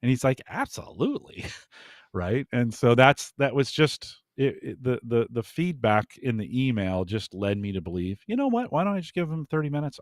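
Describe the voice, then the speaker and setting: Animated man with a lively pitch. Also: dry recording, studio quality. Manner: animated, chuckling, restarts often. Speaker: podcast guest. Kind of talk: casual podcast chat.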